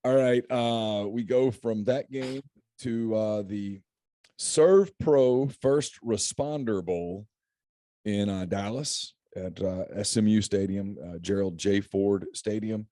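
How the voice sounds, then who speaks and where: A middle-aged man runs a relaxed picks chat, his voice low and warm. He jokes and laughs easily as he talks. The sound is close and dry. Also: takes it slowly, no room sound. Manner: chatty, joking, laughs often. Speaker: podcast host. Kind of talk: casual sports picks chat.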